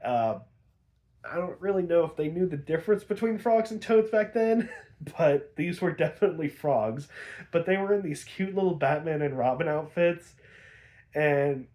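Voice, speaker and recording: A young man talks through a TV episode in a loose, chatty way. His voice sits a little high, and he laughs often and fills pauses with "uh" and "like.". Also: lively intonation, a little mellow. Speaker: episode reviewer. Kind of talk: casual episode recap.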